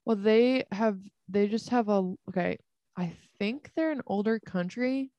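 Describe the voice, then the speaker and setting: A woman's voice: medium pitch, a little slow, dry recording, dull audio. A young woman co-hosting a casual podcast, reading a story and musing in a rambling, self-deprecating way. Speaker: podcast co-host.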